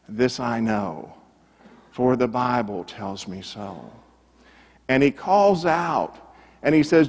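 A man preaching a sermon, telling a story earnestly, repeating phrases for emphasis and dropping to a hush at key moments. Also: a little high. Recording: long hall reverb.

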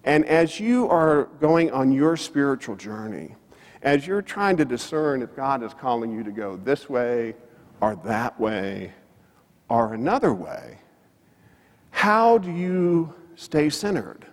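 A man's voice: medium pitch, big pitch swings, slow. A man preaching a sermon. He tells a story and swings his voice up and down for emphasis. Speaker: pastor. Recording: long reverb of a church hall.

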